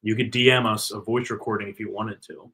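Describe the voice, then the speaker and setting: Fast-talking bright-voiced man. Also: on the low side, slightly rough, low-quality recording. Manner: rambling, filler-heavy, excitable. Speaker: co-host of a fan watch-party stream. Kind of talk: casual live game-watching chat.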